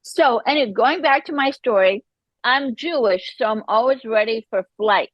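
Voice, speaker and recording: A woman, a podcast guest, telling her personal recovery story in an animated way, acting out the voices she quotes. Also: fairly high pitch, normal speed, no room sound, lo-fi sound.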